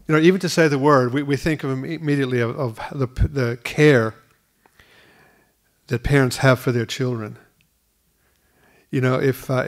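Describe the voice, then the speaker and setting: Male pastor, middle pitch, earnest sermon delivery with frequent restarts. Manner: earnest, repeats words at restarts. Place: school hall used for church.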